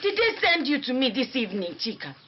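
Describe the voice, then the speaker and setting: A long-suffering Nigerian wife, pleading and soothing, yet firm when she defends herself. Her voice is fairly high and very animated. It is a dull lo-fi film recording with music under it. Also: quick pace, heavy background noise. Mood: defensive. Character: patient, long-suffering wife caring for a sick husband. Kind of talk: film drama acting.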